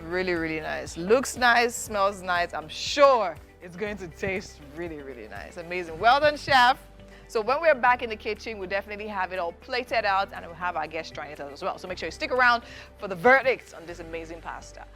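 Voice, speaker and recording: A woman's voice: fairly low pitch, expressive, fairly quick, a bit bright, faint music behind. A Nigerian woman hosting a live TV cooking segment, bubbly and full of enthusiastic praise. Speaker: TV morning show host.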